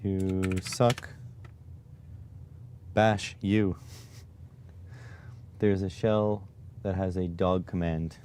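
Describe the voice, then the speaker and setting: A man's voice: low voice, little pitch movement, very slow, pauses often, darkish tone, slight background noise. A man from Canada chatting casually on a live stream, muttering to himself while typing and reading chat. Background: keyboard typing.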